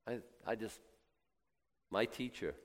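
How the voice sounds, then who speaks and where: Expressive male preacher. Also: lowish voice, slow pace. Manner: swings from quiet reflection to loud excited emphasis; acts out voices of biblical characters and doubters. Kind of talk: sermon.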